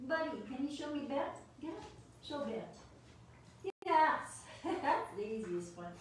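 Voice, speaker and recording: A woman giving a playful lesson for children with her dogs, animated and full of praise, laughing often. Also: high voice, a little slow, a little hiss or hum. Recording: very echoey room, distant mic.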